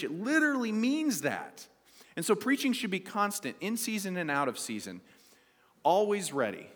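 A man's voice: high voice, fairly bright tone, big-room sound. A male pastor preaching a sermon to his congregation, asking them questions as he goes and reading scripture aloud.

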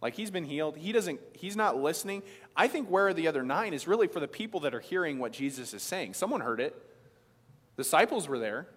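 A man's voice: on the high side, animated, a little fast, fairly bright tone, husky. A man, preaching a sermon in an emphatic, conversational way with frequent restarts. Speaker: pastor. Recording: long reverb of a large hall.

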